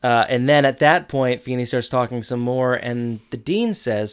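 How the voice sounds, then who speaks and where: A man in casual chat, retelling a TV episode in a relaxed way with fillers and quick quoted asides. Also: mid-range voice, clear, resonant tone.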